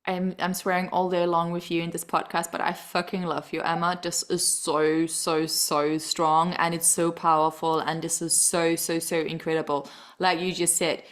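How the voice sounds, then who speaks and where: Gushing, excitable woman podcast host. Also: fairly low pitch, moderate pace. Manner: gushing, enthusiastic, swears freely. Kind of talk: casual interview chat.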